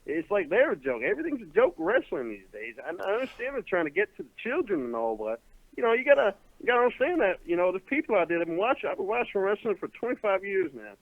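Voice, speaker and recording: Fast excitable male caller on a phone line. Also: high-pitched, no room sound. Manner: fast animated complaining, turns abusive. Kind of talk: call-in rant.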